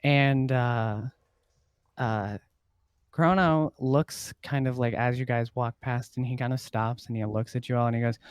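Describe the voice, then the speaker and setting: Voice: medium pitch, steady tone, measured pace, clean tone, no echo. A game master casually narrating a tabletop game, voicing characters and laughing along.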